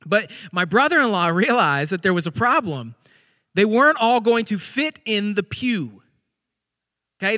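A male pastor in his forties telling chatty, animated personal stories during a sermon. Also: high voice, dry recording, studio quality, big-room sound.

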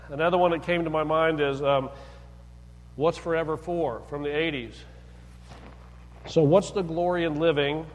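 A high-pitched man preaches to his church in an easy, conversational manner, telling stories and slipping into the voices of the people in them. His voice rings out with a long hall reverb. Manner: conversational, storytelling with acted quotes. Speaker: pastor. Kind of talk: sermon.

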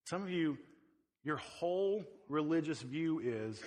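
A man preaching to his congregation in a conversational but emphatic way, pressing his points with forceful insistence. His voice sits a little high for a man. The sound carries a long reverb from a large hall. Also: animated, measured pace. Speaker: pastor. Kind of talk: sermon.

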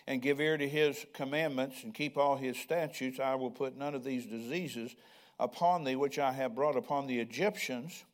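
Older man preaching a conversational sermon. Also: medium pitch. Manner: preacherly, conversational, asks the congregation questions. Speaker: pastor.

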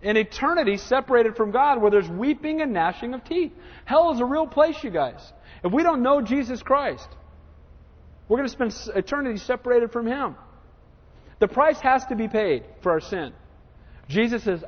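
A man's voice: high-pitched, expressive, normal speed. A man preaching a sermon in a church sanctuary in an emphatic manner, repeatedly asking his congregation "Amen?", heard through a dull recording with a long hall reverb. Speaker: pastor.

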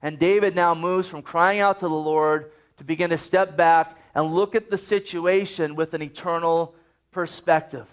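A man's voice: on the high side, steady tone, moderate pace, clean tone. A man preaching a sermon, earnest and urging, often quoting scripture.

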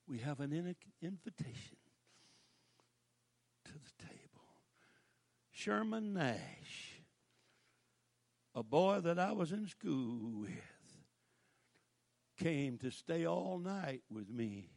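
An older man, preaching a folksy storytelling sermon that breaks into shouted praise. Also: on the high side, vocal fry.

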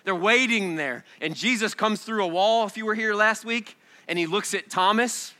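Energetic pastor with a bright voice. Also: male voice, high voice, normal speed. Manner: energetic, swinging from shouts to hushed storytelling. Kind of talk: sermon. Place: church sanctuary before a congregation.

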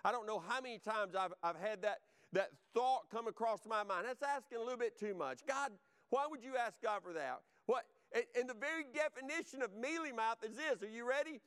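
A man's voice: very high voice, expressive, a little fast, a bit bright, smooth. A male pastor preaching a sermon, fervent and exhorting, driving points home by repetition.

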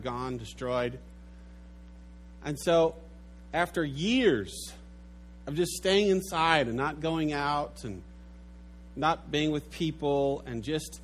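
A preacher delivers a sermon with animated storytelling and sinks low and quiet at the sad moments. His voice runs somewhat high for a man, with faint noise underneath. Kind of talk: sermon with a told joke.

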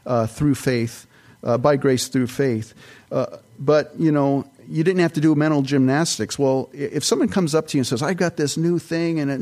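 A man's voice: mid-range voice, a little mellow. Man preaching a rambling conversational sermon. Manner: conversational, rambling with restarts and side notes. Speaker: pastor.

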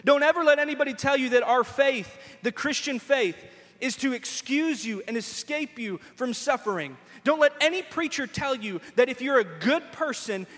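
Pastor guy preaching in a church, high voice, big hall echo, acts out the characters. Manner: animated storytelling preacher who acts out voices. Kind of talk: sermon. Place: large church sanctuary. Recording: long hall reverb in a church.

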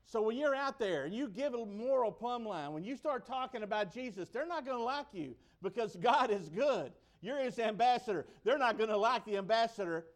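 High-voiced emphatic American preacher man. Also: expressive, fairly quick, hardly any pauses. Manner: emphatic, repeats key phrases. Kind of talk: sermon.

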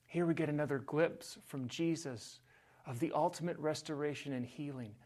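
A man preaching a sermon, measured and earnest, often dropping to a soft, quiet voice on key phrases. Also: a little high. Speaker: pastor.

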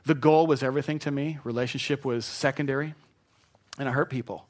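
A middle-aged man preaches from a church pulpit, his voice sitting in an ordinary middle pitch. He talks plainly, then acts out quoted apologies and excuses with lively shifts of voice. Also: fairly quick. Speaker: pastor. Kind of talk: sermon.

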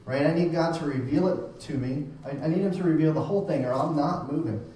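A man preaching from across a very echoey room, his voice mellow and set back from the mic. He talks in a loose, conversational way, doubling up words as he goes. A faint hum sits under it. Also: a little high, a little fast, distant mic. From United States. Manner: conversational, repeats words and restarts often. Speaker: pastor. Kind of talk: sermon.

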